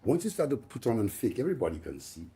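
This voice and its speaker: A man, speaking up from the audience of a panel discussion, impassioned and halting, repeating words as he goes. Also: medium pitch, big pitch swings, warm tone. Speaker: live audience member.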